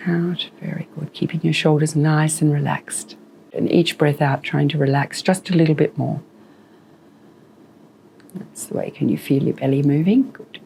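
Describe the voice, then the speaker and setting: Woman, breathing coach, calm and encouraging, low pitch, gravelly. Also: moderate pace, a little hiss or hum. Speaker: health professional coaching breathing. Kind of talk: guiding a breathing exercise. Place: clinic room.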